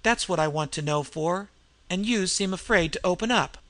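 A man's voice: high voice, moderate pace, a bit bright. A man voicing a young woman putting on tough street slang with dropped sounds, demanding and pushy. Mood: snappish.

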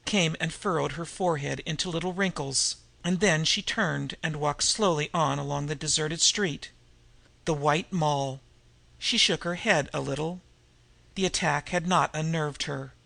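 A man reading a novel aloud in measured, even storytelling narration. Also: fairly high pitch, creaky, dry recording. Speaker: audiobook reader. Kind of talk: scripted narration.

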